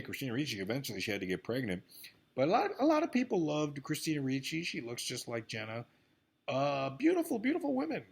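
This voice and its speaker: A man's voice: fairly high pitch, vocal fry, a bit bright, husky. A man in a rambling, profane vlog rant about celebrity news, swinging between grumbling and outbursts. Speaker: vlogger.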